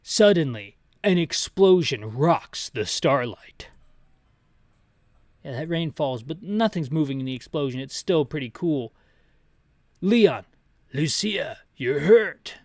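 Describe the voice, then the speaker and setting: A man describes a video game's scenes in detail, chatty and joking, often restarting his sentences. His voice sits a little high for a man. The sound is close and dry. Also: lively intonation, slow pace, a little mellow, no room sound. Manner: chatty, jokey asides, frequent restarts. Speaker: channel host describing a game. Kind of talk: audio description and commentary.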